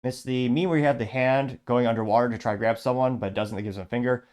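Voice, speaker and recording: A man's voice: mid-range voice, fairly even intonation, fast talker, a little mellow. A man hosting a commentary show, reading social media posts aloud and adding rambling, sarcastic remarks. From Illinois. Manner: rambling, sarcastic, frequent restarts. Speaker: show host.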